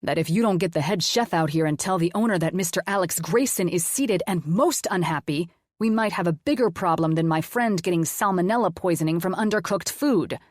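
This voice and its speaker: An arrogant, wealthy businessman, put on by a woman narrator, clipped and authoritative, speaking as if he owns the room. Her voice stays low and close in a dry read. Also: moderate pace, no echo, close to an everyday voice. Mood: commanding.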